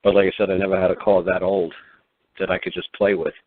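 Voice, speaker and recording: A man with a fairly low voice talks through a casual advice monologue in a folksy, rambling, plain-spoken way. He comes through a thin, tinny phone line with the lows and highs cut off. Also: little pitch movement, fast. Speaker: host.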